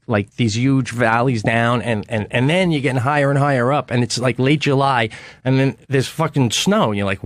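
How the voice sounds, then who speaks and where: A man telling a story in casual chat, animated and swearing freely, acting out the people in it. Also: mid-range voice, no echo, clean studio sound. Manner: animated, acts out quoted people.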